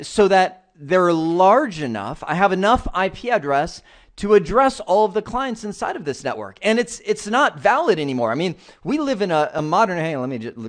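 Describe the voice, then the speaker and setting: A man teaching an online networking lesson, animated and playful, who acts out examples as he explains. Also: on the high side. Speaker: IT instructor.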